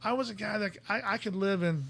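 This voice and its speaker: Fast-talking man telling family stories. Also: high-pitched, vocal fry, fairly bright tone. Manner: fast storytelling, restarts and repeats words. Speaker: podcast co-host. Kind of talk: casual chat.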